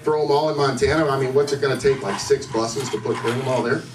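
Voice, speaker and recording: A man's voice: mid-range voice, steady tone, quick pace. Male stand-up comic, loose rambling delivery, roomy echo, heard from a distance. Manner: loose, rambling conversational delivery, asks the crowd questions. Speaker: stand-up comedian. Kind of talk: stand-up set. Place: bar comedy night. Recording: echoey room, distant mic, faint noise.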